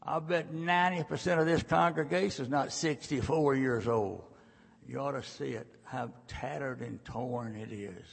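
Slow gravelly preacher in a reverberant church. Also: male voice, medium pitch. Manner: folksy, dramatic storytelling with sudden loud and hushed passages. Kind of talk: sermon. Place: church sanctuary. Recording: long reverb of a large church.

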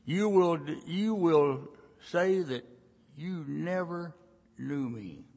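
A calm, sorrowful grown male teacher speaks gently and solemnly in a gravelly voice, as an older preacher quotes him. The words carry the long reverb of a church. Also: a little high, extremely slow, full character voice.

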